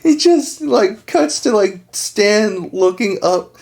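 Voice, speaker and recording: A woman co-hosting a casual podcast chat, giggling often as she retells scenes with lively energy. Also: mid-range voice, slow. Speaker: podcast co-host.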